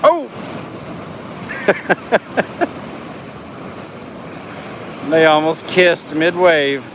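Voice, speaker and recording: At a measured pace and in a slightly high voice, a middle-aged livestream host narrates the view from a beach inlet while reading viewer comments, filming it all on a phone. The casual stream has outdoor noise in the background.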